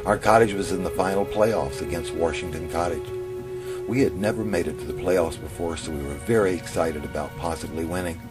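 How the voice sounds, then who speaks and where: A man telling his own memoir in the first person, in a plain, steady way. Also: low voice, a little fast. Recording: music playing under the narration.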